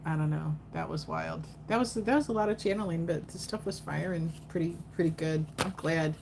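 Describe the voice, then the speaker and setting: A woman's voice: sits low, fairly quick, creaky, a little mellow, a little hiss or hum. A woman doing a casual livestream tarot reading, chatty and given to laughing, her voice tired after hours of talking and reading to her chat. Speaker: tarot reader.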